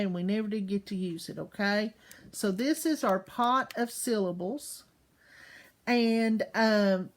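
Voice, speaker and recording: A woman teaching young children in a slow online class, patiently sounding out words syllable by syllable. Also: on the high side, slight background noise.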